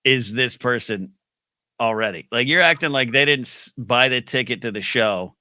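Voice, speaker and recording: A man's voice: medium pitch, normal speed, pushed and bright, no echo, studio quality. A man hosting a podcast in casual chat, playful and teasing. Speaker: podcast host.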